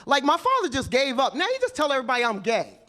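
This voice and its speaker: A woman doing a stand-up comedy set on a club stage, telling brash, animated stories with attitude. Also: high-pitched, fast talker. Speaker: stand-up comic. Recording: live club with loud crowd laughter.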